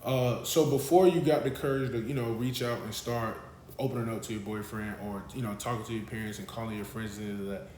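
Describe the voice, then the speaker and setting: A man's voice: medium pitch, fairly even intonation, brisk, a little mellow. A man hosting a podcast, asking rambling, searching questions. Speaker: podcast host. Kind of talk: casual interview questions. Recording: roomy podcast audio with faint hiss.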